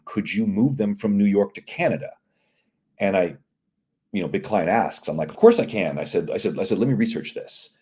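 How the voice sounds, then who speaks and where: A man with a lowish, mellow voice talks through his business story in a casual interview. He slips into quoted back-and-forth dialogue, doing the other people's lines with lively energy. The tone stays relaxed and conversational throughout. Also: breathy edge. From United States. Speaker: CEO of immigration and employment firm, guest.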